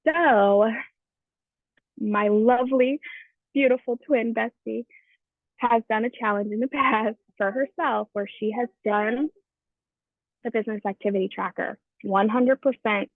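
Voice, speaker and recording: A woman's voice: a little high, unhurried, long pauses, no echo. A woman hosting a team call, upbeat and encouraging as she introduces her co-leader. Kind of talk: motivational team call talk. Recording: dry, tinny phone-like line.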